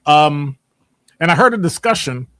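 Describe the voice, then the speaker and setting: The host of this live stream show is a middle-aged man with a fairly high voice, speaking at normal speed with no room sound. He talks casually, greets viewers by name, and his pitch lifts with energy.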